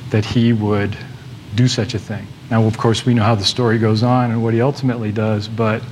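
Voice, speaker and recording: A man preaching a sermon in a relaxed, conversational way, often restarting his sentences and pausing on fillers. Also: lowish voice, slight background noise.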